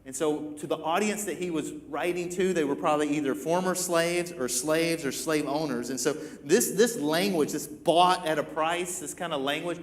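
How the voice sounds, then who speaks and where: A man in his thirties delivers an emphatic sermon, circling back over his phrases and restarting them to drive points home. His voice sits on the higher side for a man. The sound rings with long reverb from a large hall. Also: normal speed, hardly any pauses. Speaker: pastor.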